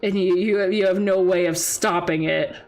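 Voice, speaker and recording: A woman's voice: lowish voice, fairly even intonation, normal speed, darkish tone, faint music behind. A young woman streaming and chatting casually with viewers, rambling and giggling as she talks.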